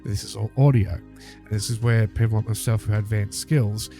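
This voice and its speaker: A man's voice: fairly low pitch, steady tone, moderate pace, warm tone, faint music behind. A man giving critical commentary over a video clip, lecturing and emphatic, repeating his points.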